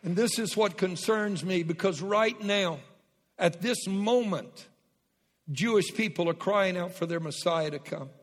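A man with a high voice preaches fervently from a large church auditorium, calling out to his congregation. His words ring with a long hall reverb. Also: a little slow, some chatter behind. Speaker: pastor. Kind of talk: sermon.

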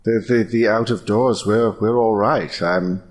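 A man's voice: on the low side, steady tone, unhurried, lightly acted. A man voicing a nervous townsman in a put-on British accent, stammering and hesitant, in a remotely recorded tabletop role-play. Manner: hesitant, stammering, full of ums. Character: nervous townsman hiding in a tavern.

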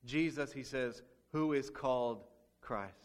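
A man's voice: medium pitch, measured pace. A man preaching a sermon as pastor, asking the congregation rhetorical questions and acting out quoted speech.

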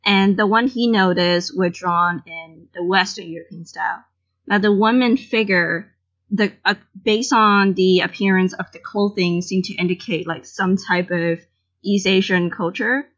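A woman telling a story in casual chat, lively and loose with her words and quick to act out what people said. Her voice sits in a middle register, and the recording sounds a little dull and lo-fi. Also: mid-range voice. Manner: animated, loose and profane, acts out the dialogue. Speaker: podcast co-host telling a story. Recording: slightly dull lo-fi audio.

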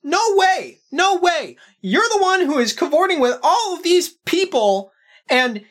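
A woman's voice: extremely high pitch, very animated, a little slow, voice pushed up, heavily acted. A woman doing a sneering paranoid younger brother. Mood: ranting. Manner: sneering, ranting. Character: paranoid young man, conspiracy-minded, sneering. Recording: faint music behind.

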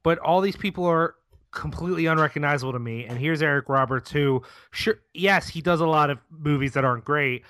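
A man co-hosting a casual movie review podcast, halting and searching for words. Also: a little high, a bit bright, no echo. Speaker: podcast co-host.

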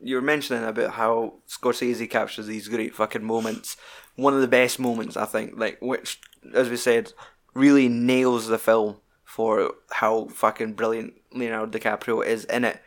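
A man's voice: mid-range voice, little pitch movement, normal speed. A man chatting casually about a film, swearing freely and rambling with enthusiasm.

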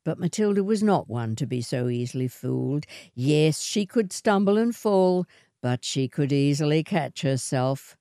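A woman narrates a short story at a slow, measured pace. Her voice is mellow and a little low, and she shapes each phrase with care. The recording is close and dry, with no room sound. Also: expressive, dry recording.

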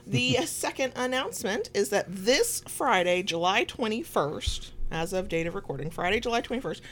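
A woman's voice: mid-range voice, lively intonation, normal speed, a bit bright, a little hiss or hum. A woman with a Southern American accent co-hosting a podcast in casual chat, rambling through asides and laughing often. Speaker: podcast co-host. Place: home recording room.

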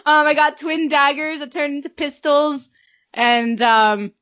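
A woman's voice: sits high, a little slow, a bit bright. A woman playing in a tabletop game who introduces her character in a giggly, hesitant way. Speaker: player. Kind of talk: casual chat, introducing a character. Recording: dull lo-fi audio.

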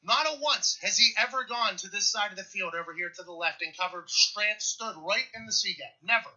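A man in his thirties from Pittsburgh, telling a story in casual podcast chat, animated and profane, getting loud at the punchlines. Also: sits high, fairly quick, lo-fi sound. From Pittsburgh, USA.

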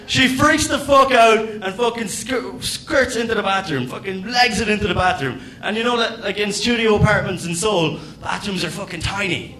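A young Irish man doing a stand-up comedy set, telling stories in a profane, animated way with loud acted-out outbursts. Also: sits high, moderate pace, few pauses, a little hiss or hum. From Ireland.

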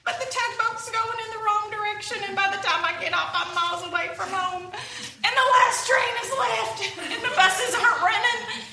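A woman's voice: very high voice, normal speed, creaky, bright, forceful tone, a little hiss or hum, pitched above the performer's own voice, heavily acted. A woman reading aloud from a storybook, voicing an anxious male walrus who frets and spirals into panic. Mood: panicked spiral. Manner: nervous, catastrophizing, rising into panic. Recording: echoey room, voice from a distance.

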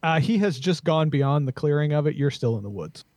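A man narrating as game master of a tabletop role-play game in a quick, offhand way. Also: on the high side, lively intonation, a little mellow, no echo.

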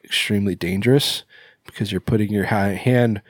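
A man's voice: lowish voice, normal speed, no room sound, studio quality. A man casually recapping a movie on a podcast, rambling with fillers and self-corrections. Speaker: podcast co-host.

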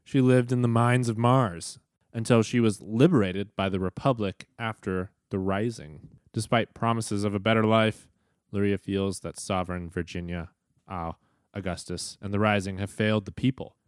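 A man hosting a casual podcast, upbeat and quick to laugh. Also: on the low side, fairly even intonation, dry recording, studio quality. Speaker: podcast host.

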